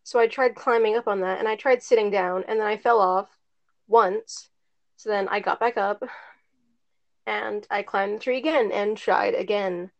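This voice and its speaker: A woman's voice: medium pitch, fairly even intonation, normal speed, gravelly. A teenage girl casually telling a story to friends, rambling with lots of "like" and some swearing. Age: teens. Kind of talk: casual chat. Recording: dull lo-fi recording.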